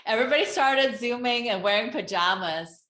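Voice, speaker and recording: A woman speaking as a guest on a talk show, slow, earnest and reflective as she shares advice. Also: on the high side, a bit bright. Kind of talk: reflective self-help talk. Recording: roomy echo.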